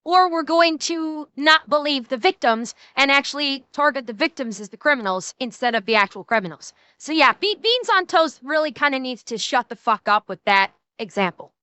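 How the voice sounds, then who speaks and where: A woman with a very high, bright voice that swings widely in pitch as she reacts on stream. She is blunt and mocking and swears freely. Her voice is recorded close and dry. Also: expressive, moderate pace, hardly any pauses, dry recording. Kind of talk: casual reaction-stream chat.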